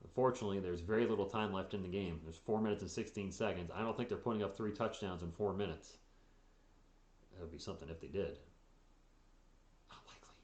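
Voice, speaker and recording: A man's voice: low-pitched, fast, darkish tone, reverberant. A man hosting a casual live sports stream, chatting about the games and answering viewers in the chat, sounding tired. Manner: chatty, reacts to games and reads chat aloud. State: tired, yawning.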